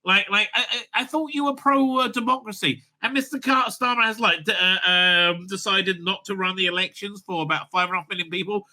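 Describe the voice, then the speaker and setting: A man's voice: sits high, fairly quick, few pauses, pushed and bright. A man hosting his own channel, giving angry, profane reaction commentary over clips, full of sneers and stammered fillers.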